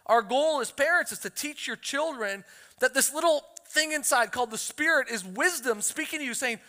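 Male pastor preaching with a high, bright voice and animated storytelling, booming hall reverb. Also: normal speed. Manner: animated storytelling, acts out quotes. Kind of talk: sermon.

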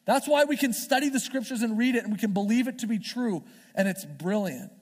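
A male pastor giving a sermon in a church, talking in a conversational, earnest way, as if thinking out loud. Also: high voice, fairly quick. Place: church sanctuary. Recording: long hall reverb, faint music behind.

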